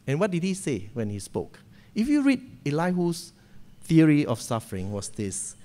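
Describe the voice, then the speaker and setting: A man preaching a sermon from a church pulpit, retelling a story in a lively way and often checking in with "okay?". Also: on the high side, normal speed.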